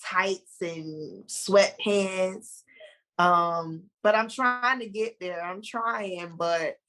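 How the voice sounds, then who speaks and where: A woman's voice: mid-range voice, very slow, fairly bright tone. A woman guest on a podcast, talking casually and a bit hesitantly. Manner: hesitant, lots of fillers, laughs. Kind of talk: casual conversation.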